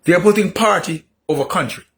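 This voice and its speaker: A man delivering an opinionated political monologue, repeating himself emphatically and rising into shouts. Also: sits high, brisk. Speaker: political commentator.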